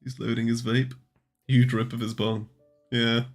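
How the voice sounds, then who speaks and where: Gravelly, joking streamer. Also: male voice, mid-range voice, flat delivery, measured pace. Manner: joking, swearing, answering viewers' questions. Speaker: trading livestream host. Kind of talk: casual livestream chat. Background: faint music.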